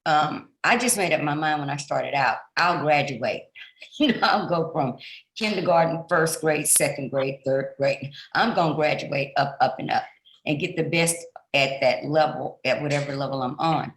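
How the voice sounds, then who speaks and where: A woman's voice: deep voice, moderate pace, roomy sound, poor audio. A woman hosting a podcast as a pastor, speaking in an earnest, chatty way and poking fun at herself in a casual interview.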